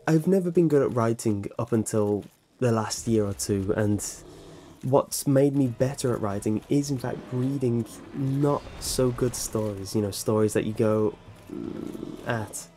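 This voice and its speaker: Young British YouTuber man with a mellow tone and crisp enunciation; rambling, self-correcting fan Q&A delivery. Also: medium pitch. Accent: British, precise enunciation. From Britain. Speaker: YouTube narrator answering fan questions. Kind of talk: casual Q&A vlog.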